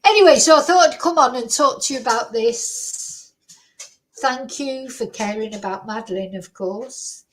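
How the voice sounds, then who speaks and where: Chatty woman, high voice. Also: moderate pace, poor audio. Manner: chatty, rambling, full of "you know" and tag questions. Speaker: true crime channel host. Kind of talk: casual solo commentary to viewers. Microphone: computer microphone at a desk.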